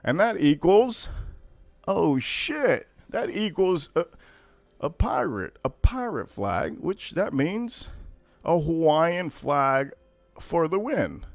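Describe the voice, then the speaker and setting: A male livestream host with a fairly high, very lively voice tells stories in casual, cursing chatter. The sound is dry and close, with no room echo. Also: slow pace, creaky, faint music behind. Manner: profane, animated storytelling.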